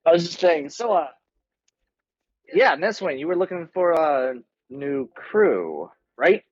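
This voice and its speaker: A man's voice: fairly high pitch, big pitch swings, slow pace, heavily acted. A man voicing a sheepish male adventurer who talks hesitantly with many fillers, in muffled online-call audio. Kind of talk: tabletop role-play.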